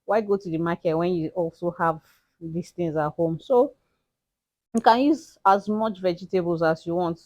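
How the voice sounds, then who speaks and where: A woman talking through a cooking tutorial in a relaxed, chatty way, often repeating herself. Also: lowish voice, moderate pace, no echo. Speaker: cooking channel host. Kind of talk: casual cooking tutorial voice-over.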